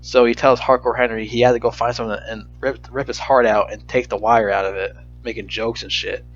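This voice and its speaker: A man's voice: mid-range voice, little pitch movement, a little fast, slight background noise. Profane, rambling man ranting about a movie. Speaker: movie reviewer. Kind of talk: casual rant review. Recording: slightly dull lo-fi audio.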